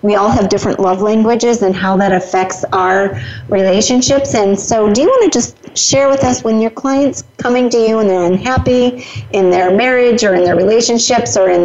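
A woman's voice: mid-range voice, a little mellow. Lady host rambling a question, muffled lo-fi audio. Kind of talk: interview questions. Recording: dull lo-fi sound with faint noise.

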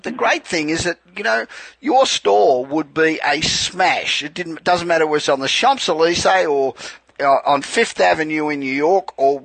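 A man's voice: a little high, normal speed, vocal fry, a bit bright, no room sound, rough recording. Effusive Australian man hosting radio. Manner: effusive, gushing with praise. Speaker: radio show host. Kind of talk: conversational radio interview.

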